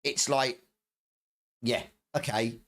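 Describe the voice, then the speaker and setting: Slow and a bit bright, a middle-aged man's medium-pitched voice keeps a steady tone even as he streams a heated rant full of swearing. He stumbles over his words and repeats himself in angry commentary.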